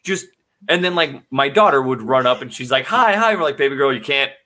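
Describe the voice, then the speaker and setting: A man's voice: mid-range voice, fairly quick, sharp tone. A man in casual chat who rambles through stories and acts out quotes. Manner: rambling storyteller, acts out quotes, laughs often. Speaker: podcast co-host.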